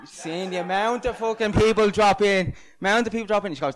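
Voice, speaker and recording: A man's voice: sits high, fairly quick, a little hiss or hum, poor audio. Young Irish man, self-mocking stand-up. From Ireland. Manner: self-mocking, crude, stumbling asides. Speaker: stand-up comedian. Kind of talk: stand-up set. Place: comedy club stage.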